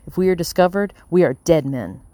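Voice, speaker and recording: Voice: medium pitch, animated, fairly quick, mellow, no echo, lightly acted. Reader voicing a jittery colonial conspirator. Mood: anxious. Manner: anxious, questioning. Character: nervous colonial-era conspirator man. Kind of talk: audiobook character reading.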